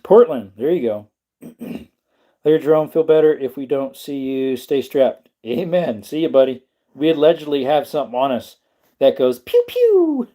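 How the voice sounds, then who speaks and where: A man's voice: mid-range voice, normal speed, dark tone. A man hosting a casual livestream, rambling and answering his chat as he talks. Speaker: livestream host.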